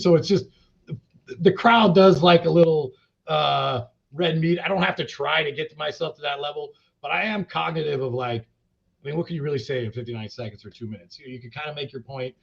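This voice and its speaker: A man's voice: fairly high pitch, brisk, gravelly. A man being interviewed as a company chief, talking in a blunt, profane, rambling way full of fillers. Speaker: cannabis company CEO, interview guest. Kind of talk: casual interview talk. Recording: dull lo-fi podcast audio.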